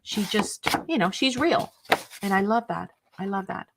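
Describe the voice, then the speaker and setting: A woman's voice: mid-range voice, expressive, normal speed, vocal fry, background noise. A woman hosting a craft live stream, chatting casually with viewers in an enthusiastic, rambling way.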